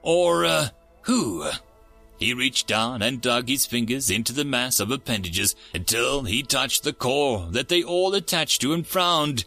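A man narrating a story aloud in an expressive, animated audiobook reading. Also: medium pitch, moderate pace, few pauses, faint music behind.

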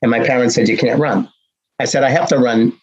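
Older man from the Boston area telling his story as a guest: punchy, repetitive, slightly raspy. Recording is muffled and lo-fi. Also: medium pitch, steady tone, fairly quick. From Boston area, USA. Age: 60s. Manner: acts out dialogue, punchy repetitions. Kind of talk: animated storytelling. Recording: dull lo-fi recording.

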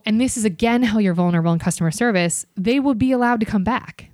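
Young woman comic, podcast guest; lively and profane storytelling, mimics other people, close dry sound. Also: medium pitch, no echo. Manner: animated, profane, acts out others' voices.

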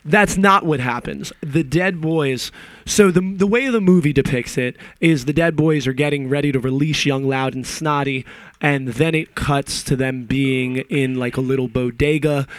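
A man's voice: medium pitch, moderate pace, no echo. A man on a podcast ranting about a movie in a casual, profane and opinionated way, wandering off into side stories. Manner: profane, opinionated, digressive storytelling.

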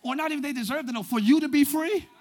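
A male pastor preaching a sermon in church, animated and often shouting, acting out little quoted voices along the way. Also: extremely high pitch, quick pace. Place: church sanctuary.

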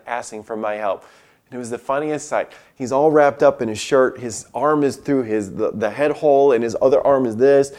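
A middle-aged male pastor delivering a sermon, with impassioned preaching that drops to soft, hushed lines when he quotes God or a weary listener. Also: medium pitch.

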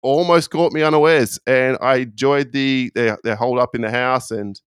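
A man co-hosting a casual film discussion podcast, animated, acting out scenes in quoted voices. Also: mid-range voice, normal speed, smooth, dry recording, studio quality. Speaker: podcast co-host.

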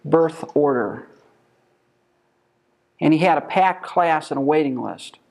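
Male Bible teacher, emphatic, rhetorical, voice sits a bit high. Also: normal speed, creaky, a little mellow. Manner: emphatic, asks rhetorical questions.

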